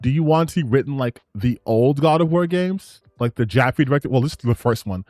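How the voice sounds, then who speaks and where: A man giving casual commentary on gaming clips, ranting in an excited, rambling way with frequent restarts. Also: medium pitch, a little fast, no room sound, clean studio sound.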